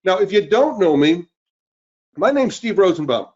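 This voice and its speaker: A man in his fifties hosting a live webinar sales pitch, upbeat and greeting listeners by name. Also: very animated, moderate pace, a little mellow, dull audio. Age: 50s. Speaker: webinar host. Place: cold indoor room.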